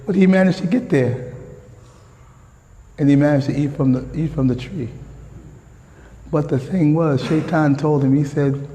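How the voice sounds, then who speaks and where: American guy preaching in a mosque, mellow voice, slangy and loud at times, big echoey hall. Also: on the high side, unhurried, long pauses. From United States. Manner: animated, slangy street talk, rises to shouts. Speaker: guest preacher. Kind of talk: sermon.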